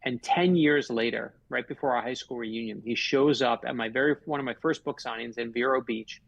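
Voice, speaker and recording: A man's voice: medium pitch, a little fast, vocal fry, dry recording, muffled recording. A middle-aged man from Florida, an author guest telling stories in a radio interview with heartfelt, emphatic delivery. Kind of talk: earnest storytelling in a radio interview.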